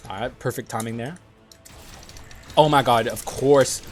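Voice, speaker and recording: A young man giving casual gameplay commentary, excitable and swearing often, clearing his dry throat now and then. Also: medium pitch, unhurried, pauses often, faint music behind. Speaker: gaming YouTuber.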